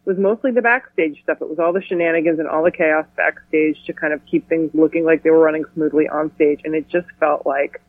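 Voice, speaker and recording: A woman speaking as an actor guest in a casual interview, chatty and playful with quick asides. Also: sits low, fairly even intonation. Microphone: telephone. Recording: tinny dry phone line.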